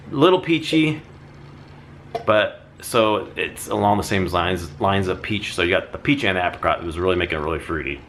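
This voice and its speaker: A man with a notably deep, low-pitched voice talks through a casual product review. He rambles in a friendly way, circles back and corrects himself as he goes, with a faint hiss of noise in the background. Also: fairly even intonation, fairly quick, few pauses, fairly bright tone. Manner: chatty, rambling, with self-corrections. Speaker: candle haul vlogger.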